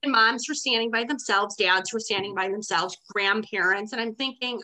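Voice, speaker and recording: A woman's voice: mid-range voice, moderate pace. A middle-aged woman, a teacher, telling a story casually and animatedly, acting out what she said. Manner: animated, acts out her own past words.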